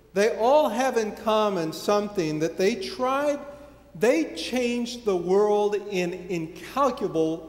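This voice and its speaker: A man in his sixties, a pastor preaching a sermon in a church, reading scripture, praying and quizzing his congregation. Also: high voice. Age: 60s. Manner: reads scripture, then leads prayer and quizzes the congregation. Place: church sanctuary. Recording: echoey church hall from far off.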